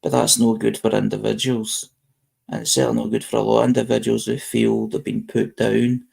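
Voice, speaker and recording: A British man with a strongly gravelly, creaky voice hosts a casual live-stream chat. He reads posts aloud and wanders through his thoughts, often restarting his sentences. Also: lowish voice, flat delivery, fairly quick, darkish tone. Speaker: host.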